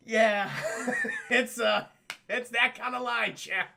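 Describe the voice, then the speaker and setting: A man recaps a film live for his stream, swearing freely and turning to the chat between beats. His voice sits high and sounds bright and forceful, with a lot of gravelly fry. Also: expressive, normal speed. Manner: profane, laughing, keeps addressing the chat.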